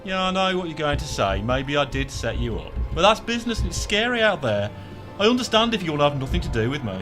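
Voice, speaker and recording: Guy doing a cheesy fake-yank showman for a radio sketch, swoopy and bright. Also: a little high, very animated, fairly quick, soft background music. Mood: sheepish. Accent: fake American, really Birmingham. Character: smarmy male showman faking an American accent. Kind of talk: radio comedy acting.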